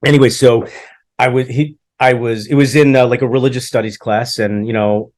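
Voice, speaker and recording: A man's voice: mid-range voice, fairly even intonation, fairly quick, darkish tone. Joking, self-mocking male podcast co-host. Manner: joking, self-deprecating, acts out quotes. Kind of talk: casual storytelling chat.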